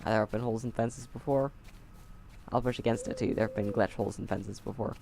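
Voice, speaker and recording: A man's voice: fairly low pitch, fairly even intonation, fairly quick, vocal fry, background noise. A man playing a video game at home and talking through it on a close mic, chatty and sarcastic with wry asides. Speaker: game player. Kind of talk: let's play commentary. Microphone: close desk mic.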